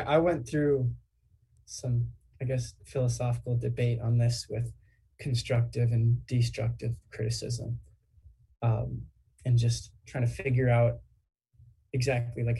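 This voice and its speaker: Young man, co-host, very husky voice, mellow dark tone, reflective, rambling, filler-heavy. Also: medium pitch, level tone, measured pace. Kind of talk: casual podcast chat.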